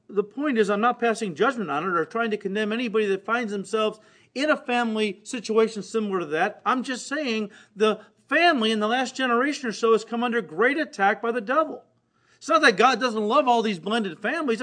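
A man preaching a sermon in an earnest tone, building to emphatic points and dropping to grave, quiet passages. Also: high voice.

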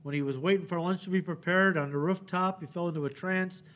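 Male pastor preaching, kinda high voice, acts out the quotes, keeps asking okay?. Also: fast talker. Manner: animated, acts out quotes, frequent "okay?" check-ins. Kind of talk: expository sermon. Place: church sanctuary.

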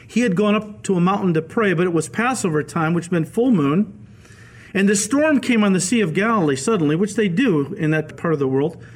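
High-voiced pastor teaching the Bible. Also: male voice, a little fast. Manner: animated storytelling, acts out quoted voices. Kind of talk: radio Bible teaching sermon.

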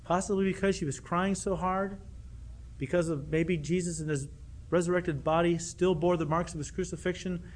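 High-voiced earnest male preacher. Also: steady tone, moderate pace. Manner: earnest, with many rhetorical questions. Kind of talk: sermon.

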